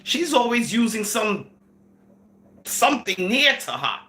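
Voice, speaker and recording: A woman's voice: on the high side, sing-song, unhurried, pushed and bright. A woman vlogger giving casual commentary, giggling between sentences and slipping into Caribbean-style phrasing. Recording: echoey room.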